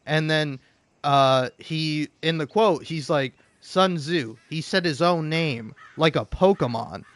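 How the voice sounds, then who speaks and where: A young man talks through viewer comments in a loose, profane rant, full of restarts and asides. His voice sits a little high and is recorded close and dry, with no room sound. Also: takes it slowly, dry recording. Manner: profane, animated, rambling with restarts. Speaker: streamer reading comments. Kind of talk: casual rant while playing a game.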